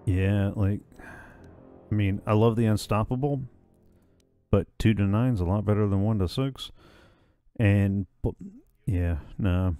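A man with a low voice hosts a let's-play, chatting casually over a video game. He thinks aloud in a relaxed, wry way as he decides what to do next. Faint game music runs underneath his talk. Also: measured pace, pauses often, no echo. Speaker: gaming let's-play host.

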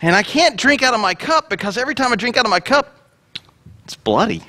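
A man preaching a sermon, his voice high and bright with a lot of swing in its pitch. He jokes in asides and acts out the people of the story in different voices. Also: brisk. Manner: lively, joking asides. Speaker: pastor. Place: church.

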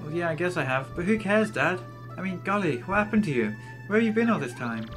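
A man's voice: high-pitched, animated, a little fast, over music, pitched above the performer's own voice. A man voicing an earnest young male turtle hero who talks in an eager, slightly whiny way. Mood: surprised.

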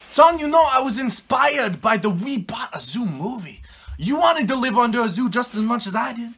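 A man playing an eccentric, melodramatic father in a comedy sketch, talking theatrically and swinging from hushed whispers to loud outbursts. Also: mid-range voice, moderate pace, close to an everyday voice. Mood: dramatic.

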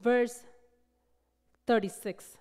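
A woman preaching a sermon in a church, passionate and emphatic, repeating phrases and swinging between loud build-ups and soft, low passages. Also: steady tone, very slow, smooth. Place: church sanctuary. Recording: long reverb of a church hall.

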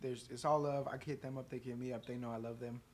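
A man co-hosting a casual podcast, telling a story in an animated, profane way. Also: mid-range voice, fast talker, a little hiss or hum. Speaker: podcast co-host, band member.

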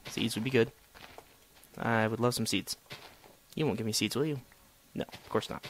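A man's voice: medium pitch, normal speed, long pauses, a bit bright, slight background noise. A young man giving solo gameplay commentary, chatty and sarcastic, talking to the objects he digs at. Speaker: gamer.

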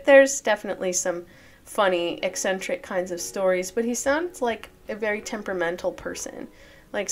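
A woman reads old newspaper stories aloud, then drifts into chatty asides where she thinks out loud. Her pitch sits in an ordinary middle range, and faint music plays quietly underneath. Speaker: reader of old newspaper articles. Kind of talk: casual reading with chatty asides.

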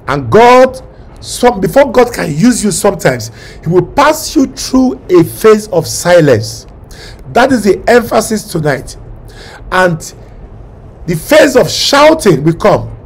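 A man's voice: high voice, very animated, slow pace, husky. A male preacher leading a fervent prayer sermon, commanding and repetitive, with bursts of speaking in tongues.

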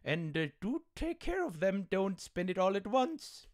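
A man voicing a frail, polite elderly grandmother in a game, speaking slowly and with sweet formality. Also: high-pitched, big pitch swings. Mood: grateful. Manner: slow, quavering and sweetly formal.

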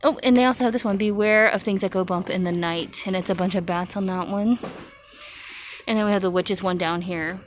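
A woman chats her way down a store aisle, reading out prices and gushing over cute decorations. Her voice sits at a middle pitch. A faint hum of shop noise runs behind her. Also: fairly even intonation, fairly quick. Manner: chatty, listing prices, cooing over cute items. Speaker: shopping vlogger. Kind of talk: casual store walkthrough narration. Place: large retail store aisle.

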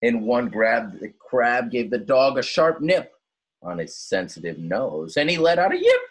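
A male teacher reading a rhyming story aloud in an expressive, sing-song way. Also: medium pitch, measured pace, breathy edge.

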